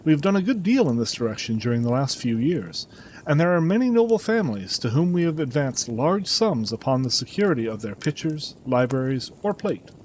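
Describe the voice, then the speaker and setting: Distraught middle-aged banker, formal and earnest, lively pitch, voiced by a male narrator. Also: a little fast, a little hiss or hum, lightly acted, low-quality recording. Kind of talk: audiobook character reading.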